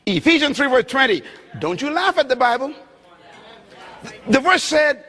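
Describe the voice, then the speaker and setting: A preacher with a very high, bright, forceful voice delivers an emphatic sermon, dropping low and rising loud for effect. He is a middle-aged man from the Bahamas. His voice rings with a long reverb through a large hall. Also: very animated, moderate pace, pauses often, some chatter behind. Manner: emphatic, dramatic swings between loud and soft.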